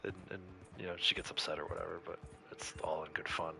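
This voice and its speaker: A man's voice: deep voice, fairly even intonation, fast, gravelly. A man hosting a casual gaming livestream, rambling and laid-back as he chats with viewers, his throat a bit scratchy from coughing. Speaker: livestream host.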